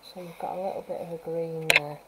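A woman wildlife artist giving a live painting demonstration, chatting and thinking aloud as she works, with gentle coaching asides. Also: deep voice, steady tone, brisk, heavy background noise. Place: art studio at home, live stream.

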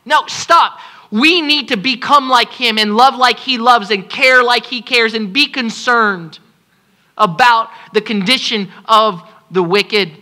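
Impassioned pleading pastor with a bright voice. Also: medium pitch, slow. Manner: impassioned, pleading, repeats phrases for emphasis. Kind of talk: sermon. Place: congregation service hall.

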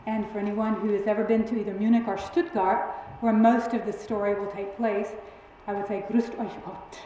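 A woman with a twang giving a public lecture in a lively, emphatic, friendly storytelling way. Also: medium pitch, normal speed, lo-fi sound, a little hiss or hum. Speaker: guest lecturer. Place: large lecture hall. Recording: very echoey hall recording.

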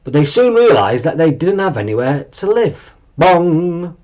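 A man reading a children's story aloud in a playful, animated way. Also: a little high, normal speed, lo-fi sound. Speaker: storybook reader.

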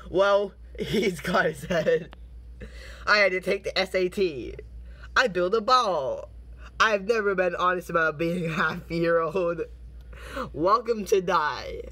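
A man reading funny posts and signs aloud, with dry jokey commentary and bursts of laughter. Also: high voice. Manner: deadpan reading broken out by laughing fits. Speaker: commentary video host.

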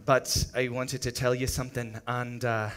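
Guy playing a pompous mock-earnest singer-songwriter, bright voice. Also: mid-range voice, flat delivery, normal speed, close to an everyday voice. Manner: mock-earnest, grand then blunt. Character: earnest male Irish singer-songwriter, self-important. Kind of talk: live comedy sketch.

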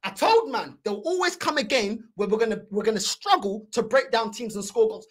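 A woman's voice: a little high, expressive, brisk, few pauses. A young woman, hosting a football fan channel and ranting angrily, mocking and repeating herself. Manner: heated, mocking, repetitive ranting. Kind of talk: angry fan reaction rant.

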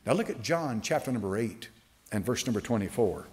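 A male pastor preaches with a lively, swinging pitch. He stretches out quoted scripture slowly for emphasis, and his everyday explaining is loose, with fillers and restarts. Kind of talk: sermon.

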